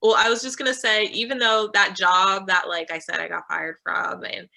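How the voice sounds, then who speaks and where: Young woman, bright voice, guest speaker, candid casual chat, video call. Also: mid-range voice, fairly even intonation, normal speed, creaky. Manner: candid, chatty, says "like" often.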